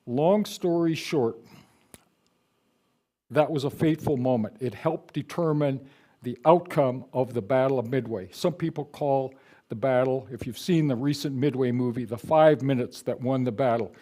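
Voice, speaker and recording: An older man speaks to an audience in a room about his book, with a warm, mellow voice at a middling pitch. He talks in a conversational way and wanders into side stories as he goes. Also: moderate pace. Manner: conversational, digressive storytelling. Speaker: book author giving a talk. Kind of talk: public book talk.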